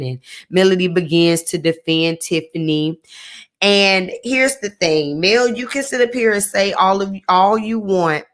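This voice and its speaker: A woman's voice: lowish voice, a bit bright. Sassy woman recapping reality TV. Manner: sassy, chatty, throws in slang asides. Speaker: TV recap reviewer. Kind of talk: casual reality-TV recap commentary.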